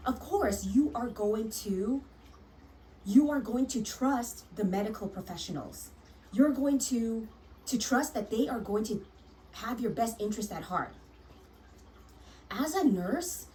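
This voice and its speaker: A woman's voice: a little high, dark tone, recorded from a distance, a little hiss or hum, rough recording. A woman who works as a nurse, telling a personal story frankly and heatedly, swearing often and restarting her sentences.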